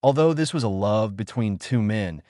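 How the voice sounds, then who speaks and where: A man narrating a translated web novel audiobook in an animated storytelling manner. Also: fairly low pitch, normal speed, no room sound, studio quality.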